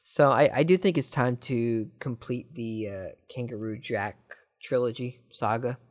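A man hosting a laid-back podcast and answering listener questions. He rambles and cracks jokes, and his voice jumps up in excited bursts now and then. It is a plain, mid-pitched male voice. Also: a little slow. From Southern California. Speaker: podcast host.

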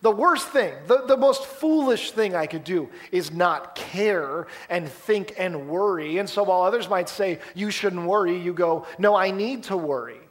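A man preaching a sermon in a storytelling style, with animated delivery and acted-out quotes. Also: high voice, measured pace, hardly any pauses. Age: adult, past college. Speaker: pastor.

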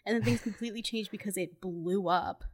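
A woman's voice: medium pitch, brisk. A young woman co-hosting a podcast in casual chat, chatty, laughing often and full of fillers. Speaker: podcast co-host.

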